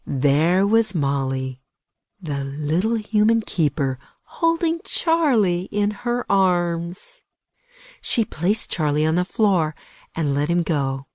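A woman narrating a children's audiobook with lively storytelling and hushed whispers at tense moments. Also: on the low side, slow, no echo, clean studio sound.

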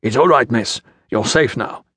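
A man voicing a brutal Roman soldier who speaks gruffly and barks orders. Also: medium pitch, normal speed, a bit bright, no room sound, studio quality. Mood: gruff, threatening. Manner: gruff, barking. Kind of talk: audiobook character reading.

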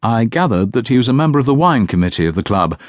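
A man giving unhurried, measured first-person narration of an audiobook. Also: mid-range voice, sing-song, no room sound.

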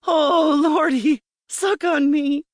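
A woman narrator voicing a passionate young Irish wife, with high, breathless cries. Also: steady tone, slow, no room sound, studio quality. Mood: ecstatic.

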